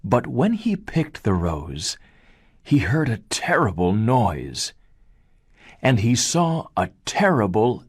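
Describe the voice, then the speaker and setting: A male English teacher narrating a story slowly and deliberately for language learners. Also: lowish voice, wildly swooping pitch, husky, no room sound, clean studio sound.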